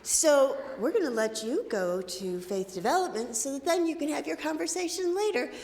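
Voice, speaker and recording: A woman leading children's time in a church service, talking in a warm, playful, inviting way. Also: high-pitched, lively intonation, moderate pace. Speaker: worship leader. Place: church sanctuary. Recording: roomy church with long reverb, faint music.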